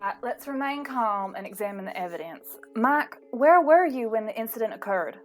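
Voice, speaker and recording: A woman's voice: fairly high pitch, expressive, moderate pace, soft background music, close to an everyday voice. A woman reading the part of a level-headed female coworker who takes charge, in a casual table read. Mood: calm.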